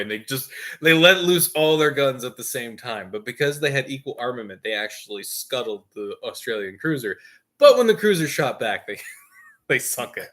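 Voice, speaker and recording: A man's voice: medium pitch, expressive, normal speed, fairly bright tone. A man hosting a gaming stream, telling a long story in casual chat with jokey asides and frequent laughs. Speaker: stream host.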